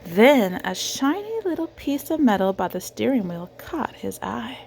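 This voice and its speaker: A woman reading a picture book aloud to a child in a gentle, animated way, pausing to ask the child questions. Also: on the high side, gravelly, husky. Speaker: reader of children's books.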